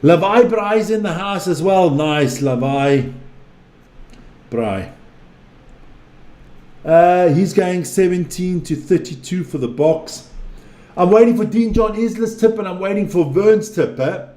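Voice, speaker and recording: A man's voice: sits high, slow, long pauses, dark tone. A man casually chatting on a live stream, rambling, repeating himself and swearing freely as he reads viewer comments. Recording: echoey room with faint ambient noise.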